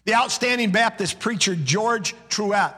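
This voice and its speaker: A man's voice: high voice, measured pace, bright, forceful tone, breathy edge, long reverb tail. A male pastor preaching a sermon, emphatic, building his points through rhythmic repeated lists.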